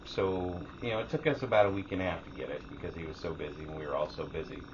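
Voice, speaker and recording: A man co-hosting a casual podcast, telling a story with a lot of energy. He acts out each person in it and swears freely. His voice sits low, and the recording sounds dull with a faint hiss. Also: steady tone, quick pace. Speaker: podcast co-host. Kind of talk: casual chat.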